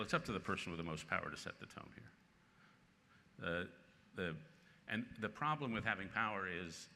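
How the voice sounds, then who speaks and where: A man in his sixties answering audience questions at a conference, telling stories with bursts of laughter. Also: low-pitched. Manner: lively anecdotal storytelling with bursts of laughter. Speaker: featured speaker, columnist. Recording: long reverb in a large hall with faint noise.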